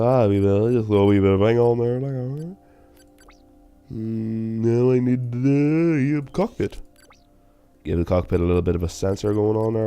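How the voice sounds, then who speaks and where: A young man giving casual, self-mocking game commentary, with sudden loud bursts of excitement. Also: fairly low pitch, smooth. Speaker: gaming channel host.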